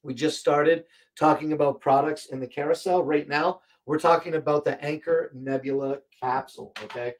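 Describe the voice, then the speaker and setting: A man's voice: a little high, fairly even intonation, normal speed. A man hosting a livestream shopping show from a home studio, chatting casually and rambling with many fillers, his voice strained and breaking. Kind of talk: casual livestream product chat. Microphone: desk microphone, more than an arm's length away.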